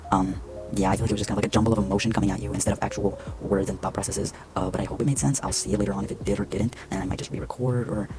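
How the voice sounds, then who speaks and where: A man's voice: lowish voice, fairly even intonation, very fast, over loud music. A young man vlogging to camera indoors at home, rambling and swearing, with lots of fillers and restarts. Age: young adult. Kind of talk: casual rambling talk to camera.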